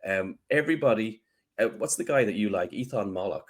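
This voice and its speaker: A man's voice: on the low side, brisk. A man co-hosting a podcast, talking casually, sounding nasal and congested from a cold and often restarting his sentences. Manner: excitable, trails off and restarts often. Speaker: podcast co-host.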